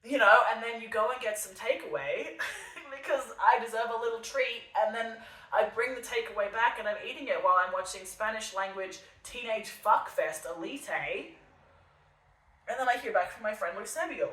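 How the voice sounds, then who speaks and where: A woman's voice: on the high side, moderate pace, a bit bright, far from the mic. A young woman hosting a solo monologue podcast, talking in a sardonic, darkly self-mocking way. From Australia. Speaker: podcast host. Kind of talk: solo monologue podcast addressed to an absent listener. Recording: roomy sound from off the mic.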